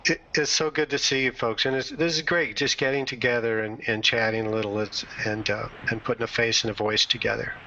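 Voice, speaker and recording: Bright-voiced man, distant from the mic. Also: medium pitch, fairly even intonation, a little fast, few pauses, slight background noise. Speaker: hangout participant. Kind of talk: casual group video chat. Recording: distant, muffled webcam audio.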